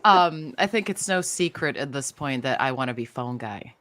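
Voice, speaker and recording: Low-voiced woman chatting on a panel. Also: expressive, normal speed, a bit bright. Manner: playful, lots of fillers and laughter. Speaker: voice actor panelist. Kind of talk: casual panel chat.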